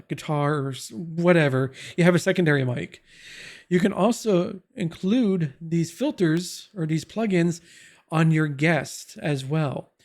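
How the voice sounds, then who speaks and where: A man with a slightly raised pitch walks through software features in a loose, rambling way, full of "uh"s and restarts. He records at home on a close desk broadcast mic. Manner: rambling, many fillers and restarts. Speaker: tech reviewer. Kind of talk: casual software tutorial.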